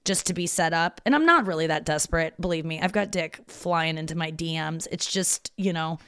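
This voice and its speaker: A woman's voice: low voice, a little fast, a bit bright, smooth, no room sound, studio quality. A young woman hosting a casual solo podcast, chatty and confessional, with lots of filler words. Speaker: podcast host. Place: her parents' house.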